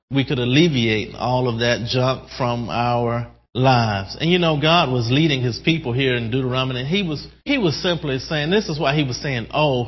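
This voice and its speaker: A male preacher delivering an animated sermon, often repeating words as he addresses the congregation. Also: mid-range voice. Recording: dull sound with long hall reverb.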